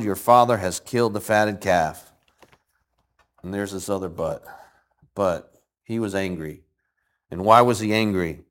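An older man, a grandfather, teaching a Bible story to a group. He keeps asking them questions and acts out the quoted lines. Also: medium pitch. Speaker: preacher. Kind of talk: Bible teaching with congregation responses.

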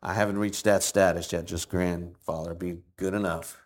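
A man's voice: deep voice, flat delivery, moderate pace. Older man teaching a Bible passage. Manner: asks the group questions, acts out quoted lines. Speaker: preacher. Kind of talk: Bible teaching with congregation responses.

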